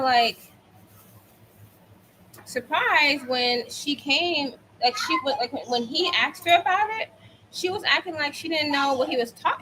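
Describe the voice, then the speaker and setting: A woman's voice: high voice, pushed and bright, a little hiss or hum, rough recording. A woman in her thirties telling a casual storytime while cooking at home, chatty and full of "like" fillers. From United States. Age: 30s. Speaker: vlogger.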